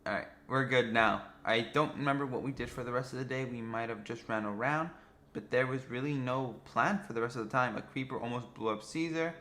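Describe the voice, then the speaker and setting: A young man casually narrating gameplay footage, rambling and excitable, swearing freely. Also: mid-range voice, fairly quick. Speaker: gaming vlogger.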